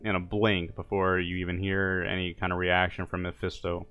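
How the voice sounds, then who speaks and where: A man with a very low voice runs a tabletop game as game master. He describes scenes in steady, descriptive narration and calls for rolls. Soft music plays underneath. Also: normal speed, smooth. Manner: calm descriptive narration, calling for dice rolls.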